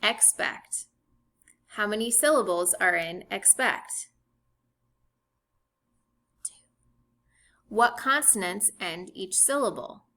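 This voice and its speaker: A woman teacher giving a recorded phonics lesson, speaking clearly and spelling words out letter by letter. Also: mid-range voice, lively intonation, slow, pauses often, pushed and bright.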